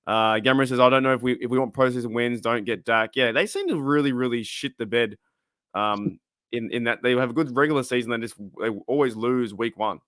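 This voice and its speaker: A man's voice: mid-range voice, brisk, a bit bright, dry recording, clean studio sound. An Australian man hosting a casual livestream talk show, rambling with restarts and reading viewer comments aloud. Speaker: podcast host. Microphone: livestream microphone.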